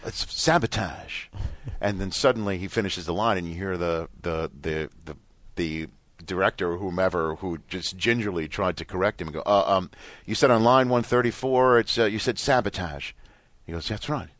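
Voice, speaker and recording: A man hosting a casual talk show, excitable and chuckling, with stammering restarts. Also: sits low, a little fast, dry recording. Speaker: host. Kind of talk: casual chat.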